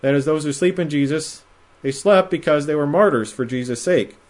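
A man's voice: fairly high pitch, darkish tone. Man teaching scripture verse by verse. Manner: measured, explanatory, slows to stress quoted phrases. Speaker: Bible teacher.

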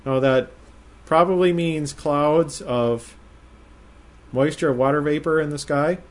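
Male Bible teacher, slightly higher voice, measured explanatory delivery, leans on key phrases. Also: fairly even intonation. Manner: measured, explanatory, slows to stress quoted phrases.

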